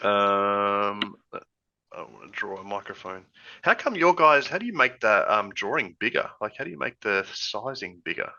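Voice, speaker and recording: Guy cohosting a podcast from home, chill and rambly, kinda low voice, muffled old headset mic. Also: expressive, moderate pace, sharp tone. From Australia. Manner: rambling, easygoing, laughs often. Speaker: podcast co-host. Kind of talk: casual chat. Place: hot room at home with big fan. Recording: lo-fi headset audio.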